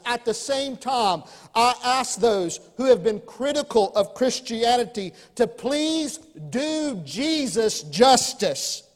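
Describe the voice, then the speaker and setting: A man preaching a sermon, moving between loud emphatic lines and quiet, quick asides. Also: very high voice. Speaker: pastor. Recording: long hall reverb.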